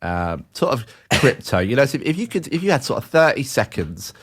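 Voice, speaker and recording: A man's voice: mid-range voice, big pitch swings, brisk, slightly rough. A man co-hosting a casual podcast chat, joking and laughing through his stories. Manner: jokey, laughing storyteller. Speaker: podcast co-host.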